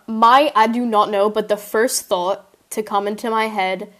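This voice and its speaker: A young woman with a mid-range voice who takes her time, reading her own story aloud at an unhurried pace. Between passages she drifts into chatty, self-mocking asides and giggles at her own jokes, then answers listener questions. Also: medium pitch.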